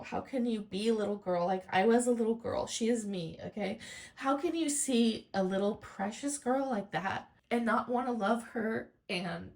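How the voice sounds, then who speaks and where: A woman making a casual crafting vlog, speaking in a soft, heartfelt, rambling way. She sounds tearful and close to crying. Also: a little high, normal speed. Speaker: crafting YouTuber.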